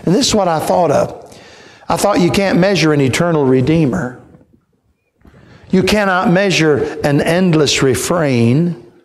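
Male evangelist, fairly high voice, folksy storyteller who builds up to shouts. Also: measured pace. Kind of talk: Baptist church sermon.

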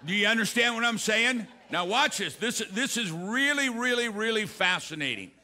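An older man preaching a sermon as pastor, telling stories in an animated way, often restarting his sentences. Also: sits high, normal speed, a little hiss or hum. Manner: animated storytelling with repeated restarts.

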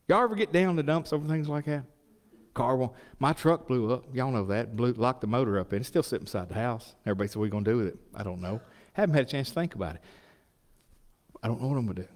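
A middle-aged man preaching a sermon as pastor, folksy and animated, often asking the congregation questions. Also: mid-range voice, big-room sound.

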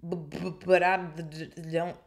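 A woman's voice: low-pitched, expressive, fairly quick, darkish tone. A woman doing a stammering, nervous wizard teacher. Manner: stuttering.

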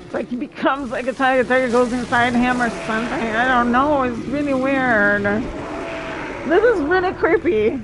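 Brief: high-voiced female gamer, excitable, slow-paced chat, faint hum behind. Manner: excitable, yelps and laughs often. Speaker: streamer playing a video game. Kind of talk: live gameplay commentary.

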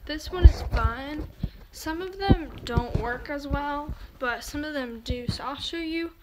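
A woman's voice: high-pitched, unhurried. A young woman hosting a casual pet vlog at home, chatting and coaxing her pets in baby talk. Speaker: pet channel host. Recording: loud background noise.

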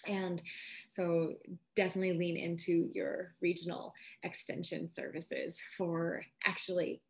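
A woman giving a casual, enthusiastic gardening lesson, chatty and full of asides. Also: lowish voice. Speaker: seed company gardening educator.

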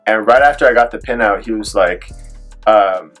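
A man's voice: fairly low pitch, moderate pace, fairly bright tone, faint music behind. A young man telling a personal story in a vlog, rambling with lots of filler words and acting out what people said. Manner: rambling retelling, heavy on filler "like"; acts out quoted voices in his story. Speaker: vlogger.

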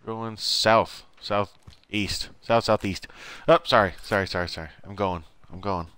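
Male streamer, live play-by-play to himself, unhurried but prone to frantic outbursts and cursing, bright crisp tone. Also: on the low side, steady tone, dry recording. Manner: talks to himself, frantic exclamations and swearing. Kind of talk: live gameplay commentary.

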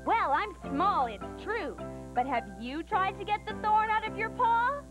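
A woman's voice: extremely high pitch, measured pace, music in the background, low-quality recording. A storyteller voicing a small, bold male mouse who stands up to a lion.

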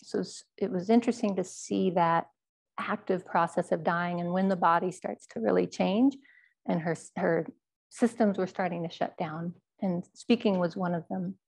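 A woman Zen teacher telling a personal story in a dharma talk, speaking in a quiet, measured, halting way. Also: lowish voice, fairly even intonation, creaky, husky.

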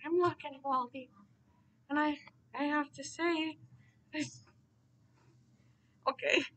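A woman's voice: high-pitched, steady tone, takes it slowly, fairly bright tone, slight background noise. A woman voicing a mischievous male prankster who casts silly spells, speaking in a sugary, teasing, falsely innocent way.

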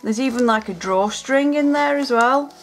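A woman hosting a casual unboxing vlog from home, gushing and excitable, gasping and exclaiming as she talks. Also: high voice, moderate pace, slight background noise. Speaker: nail art channel host.

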